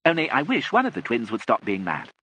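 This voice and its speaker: A man's voice: mid-range voice, huge pitch swings, fast, sharp tone, lo-fi sound, a little hiss or hum, voice pushed up. A man voicing a theatrical, flippant young aristocratic woman with breezy upper-class chatter.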